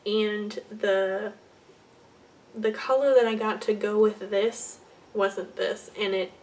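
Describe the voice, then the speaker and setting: A young woman hosting a casual knitting podcast, rambling and correcting herself, often trailing off into soft muttered asides. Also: medium pitch, steady tone, takes it slowly, far from the mic. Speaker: podcast host.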